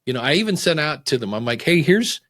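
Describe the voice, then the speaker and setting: A middle-aged man talking as a guest in a casual podcast interview, animated and acting out quotes and voices as he explains. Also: fast talker. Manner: animated, acts out voices and quotes with big pitch swings.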